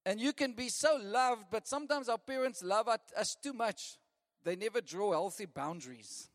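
A man preaching a lively sermon, often laughing and repeating lists for emphasis. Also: high voice, moderate pace. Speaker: pastor. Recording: long reverb of a church hall.

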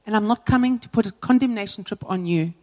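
A woman's voice: medium pitch, quick pace, a little mellow, big-room sound, rough recording. A woman pastor preaching a sermon in an earnest, personal way, driving her points home with repetition.

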